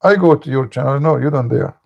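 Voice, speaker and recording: A man's voice: mid-range voice, brisk, gravelly, dull audio. A man hosting a live call-in stream, delivering a mocking, taunting monologue in broken English and laughing at his own jokes. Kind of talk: combative monologue.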